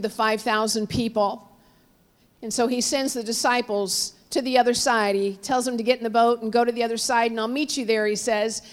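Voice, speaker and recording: A woman preaching in a slightly high voice. She tells a story with strong swings, rising loud and high for the cries, then sinking to soft, low murmurs. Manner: storytelling, dramatic swings from loud cries to hushed near-whispers; quotes figures in raised voices, drops low and soft on God. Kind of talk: sermon.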